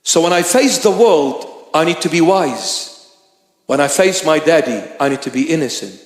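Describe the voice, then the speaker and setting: A man preaching as bishop in a church, impassioned, acting out little scenes and rising to shouts. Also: on the high side, expressive, moderate pace. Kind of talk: sermon. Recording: echoey hall reverb.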